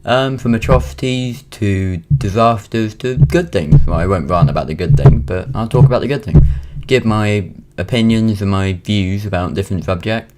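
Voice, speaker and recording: A man's voice: fairly low pitch, normal speed, hardly any pauses, darkish tone, a little hiss or hum. A young man in his late teens from Wales, with a British accent, rambling through a casual vlog monologue with frequent ums and restarts, recorded at home. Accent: British English. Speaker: vlogger.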